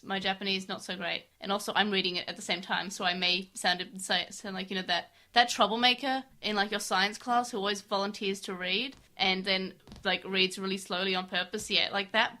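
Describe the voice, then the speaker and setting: A woman's voice: medium pitch, fairly even intonation, brisk, few pauses, bright, forceful tone. A woman co-hosting a casual podcast, teasing her partner and chatting with self-deprecating asides. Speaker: podcast co-host. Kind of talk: casual chat.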